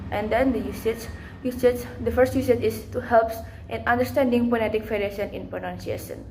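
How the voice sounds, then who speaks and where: A woman's voice: medium pitch, a little mellow, a little hiss or hum, poor audio. A woman giving a class presentation, reading steadily with occasional restarts. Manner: reads steadily, with slips and restarts. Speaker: student presenter.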